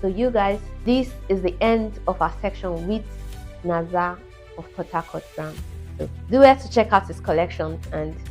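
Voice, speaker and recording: A woman's voice: lowish voice, moderate pace, a little mellow, faint music behind. A woman hosting a podcast interview, asking direct questions and repeating them. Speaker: podcast host. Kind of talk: interview host.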